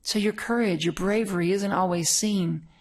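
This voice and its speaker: A woman's voice: medium pitch, normal speed, darkish tone. A middle-aged woman minister giving a conversational, story-filled sermon. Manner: conversational, storytelling, laughs often.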